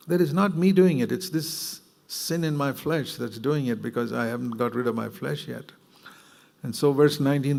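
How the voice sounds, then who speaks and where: A man delivers a sermon in an earnest, conversational style, his creaky voice climbing in pitch whenever he drives a point home.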